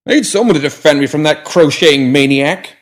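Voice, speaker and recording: A man's voice: fairly high pitch, lively intonation, voice pushed up, close to an everyday voice. A man voicing a pompous, testy man trapped in a pram, muffled and indignant. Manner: indignant, haughty, drawn-out.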